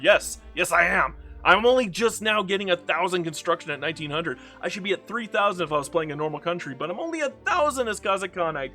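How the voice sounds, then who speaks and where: Gaming YouTuber, male, a touch high-pitched, jumps from excited outbursts to muttering; light music bed. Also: brisk. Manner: excitable, swings between exclaiming and mumbling. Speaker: strategy game YouTuber. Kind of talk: casual gameplay commentary.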